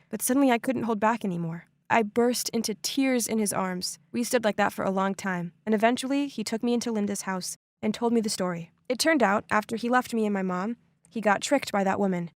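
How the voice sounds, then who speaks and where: A woman narrating a first-person animated story in an expressive, dramatic way. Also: on the high side, no echo, clean studio sound.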